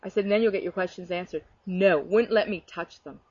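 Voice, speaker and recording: A woman's voice: lowish voice, fairly quick, darkish tone, husky, no room sound. A middle-aged woman from Australia, talking earnestly about faith in a casual chat and telling personal stories with many restarts. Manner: earnest, storytelling, frequent restarts. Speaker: Christian speaker. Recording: dull lo-fi recording.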